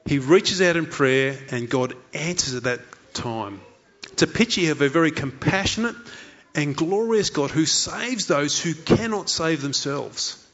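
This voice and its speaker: A man's voice: fairly high pitch, animated, measured pace, a bit bright, dull audio. A man preaching a sermon in an earnest way, asking many rhetorical questions and voicing the thoughts of a story figure. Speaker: pastor.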